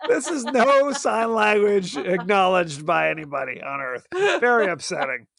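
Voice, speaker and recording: A man's voice: high-pitched, big pitch swings, measured pace, creaky, fairly bright tone, dry recording. Giggly man recapping, dry sound. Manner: chatty, laughs often while recapping. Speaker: podcast co-host. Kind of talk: casual chat.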